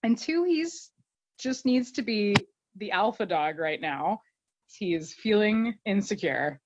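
A woman's voice: medium pitch, takes it slowly, dry recording, muffled recording. A woman co-hosting a podcast, chatting casually and animatedly as she recaps a TV episode with laughter. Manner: animated, laughing, acts out quotes. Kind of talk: casual chat.

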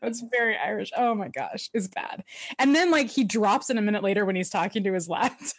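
A woman's voice: medium pitch, a little fast, no room sound. A woman co-hosting a casual chat, recapping a TV episode, laughing often and acting out the characters' lines. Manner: chatty, laughs often, animated quoting of characters. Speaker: podcast co-host recapping a TV episode.

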